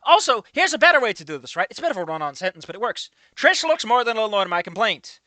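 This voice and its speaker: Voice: mid-range voice, sing-song, very fast, bright, forceful tone, no echo. Exasperated, profane fan fiction reader. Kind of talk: reading fan fiction aloud with comedic commentary.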